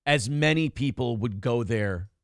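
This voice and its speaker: A man's voice: mid-range voice, unhurried, no echo, clean studio sound. A man hosting a casual morning chat show, telling stories with lots of swearing and laughter. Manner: profane, storytelling, laughs often. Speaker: host.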